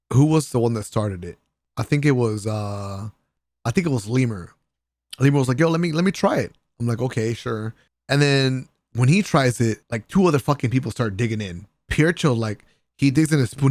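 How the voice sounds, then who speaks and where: A young man casually telling the story of a trip in a vlog voice-over, excitable and full of slang, sometimes breaking into laughs. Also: no echo, clean studio sound. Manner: animated, laughing, swearing, mimics friends in raised pitch. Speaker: vlogger.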